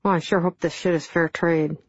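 A man's voice: fairly high pitch, fairly even intonation, a little fast, slightly rough, no echo. A woman voicing an eager, scruffy male lab colleague who mumbles offhand, wry remarks. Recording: dull, dry studio sound.

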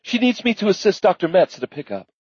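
A man's voice: sits high, very animated, fast, darkish tone, slightly rough, dry recording, lo-fi sound, pitched above the performer's own voice, heavily acted. A man narrating an audiobook voices an affectionate young woman talking on the phone.

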